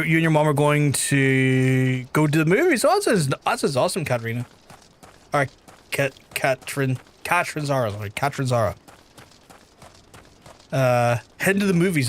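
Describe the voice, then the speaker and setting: A man streaming a game, chatting casually to viewers, swearing often and jumping high in pitch when amazed. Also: a little hiss or hum. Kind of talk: casual gaming livestream chat. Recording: faint background music.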